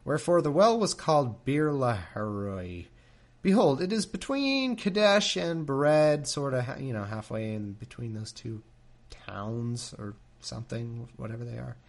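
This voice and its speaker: A man's voice: mid-range voice, animated, measured pace. A man with an ordinary mid-range voice reads archaic scripture aloud, then keeps stopping to chuckle and mock it. His asides are loose and casual, full of "uh" and "you know." He is recorded close on a desk microphone. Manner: sardonic, laughing, frequent asides. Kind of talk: irreverent commentary on a reading.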